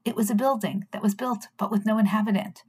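Woman, Torah teacher; earnest, measured delivery, reads then translates text. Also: mid-range voice, a little mellow, slightly rough. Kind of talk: recorded scripture lesson.

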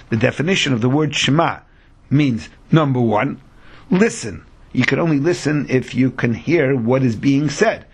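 A man's voice: mid-range voice, slightly rough. A man teaches a Talmud lesson, weaving Hebrew terms into his explanations. He asks rhetorical questions and answers them himself.

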